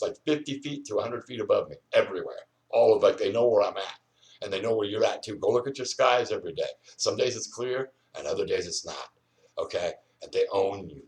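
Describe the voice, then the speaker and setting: A man's voice: on the low side, distant mic. An older man rambling and ranting outdoors, full of "you know" fillers. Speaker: vlogger.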